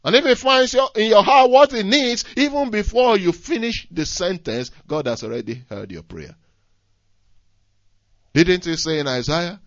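A man preaching a sermon, moving from near-hushed lines to shouted emphasis, with repetitive, emphatic phrasing. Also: high voice, lively intonation, normal speed, no echo, muffled recording.

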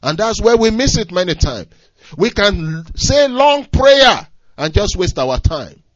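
A man preaching a sermon, moving from near-hushed lines to shouted emphasis, with repetitive, emphatic phrasing. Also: high-pitched, sing-song, a little slow, no echo, lo-fi sound.

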